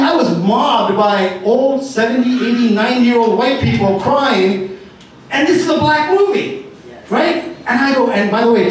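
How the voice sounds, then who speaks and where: A man speaking at an entrepreneur meet-up, telling a lively story and acting out what people said. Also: sits high, a little hiss or hum. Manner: animated storyteller acting out dialogue. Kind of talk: animated storytelling talk. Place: event venue. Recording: echoey room from far off with faint ambience.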